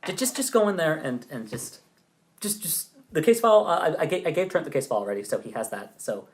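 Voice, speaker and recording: A man's voice: on the high side, very animated, fast talker, pitched above the performer's own voice. A man voicing a cheerful male company chief who talks over others and brushes off complaints. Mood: dismissive.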